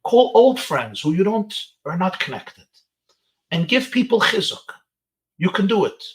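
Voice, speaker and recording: Animated rabbi storyteller, fairly high voice. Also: male voice, unhurried. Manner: storytelling with Yiddish and Hebrew phrases, animated. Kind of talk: inspirational talk to teens. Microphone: webinar video call.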